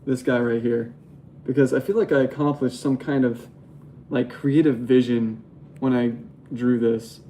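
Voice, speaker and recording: Mellow-voiced young man chatting on a livestream. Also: mid-range voice, measured pace, slight background noise. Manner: rambling and laughing often, animated. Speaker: graphic novel artist streaming live. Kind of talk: casual livestream chat.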